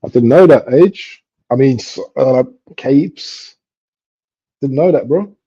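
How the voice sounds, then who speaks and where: A man's voice: mid-range voice, takes it slowly, slightly rough. Slangy man, casual watchalong. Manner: slangy, excitable outbursts at chances. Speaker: football watchalong streamer. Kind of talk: casual live commentary chat. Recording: dull lo-fi stream audio.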